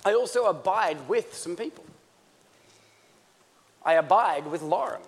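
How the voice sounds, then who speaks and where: A man's voice: sits high, lively intonation, measured pace. Man preaching with a ringing hall echo. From Australia. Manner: conversational, joking, building to fervent. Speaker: pastor. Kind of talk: sermon. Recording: long church-hall reverb.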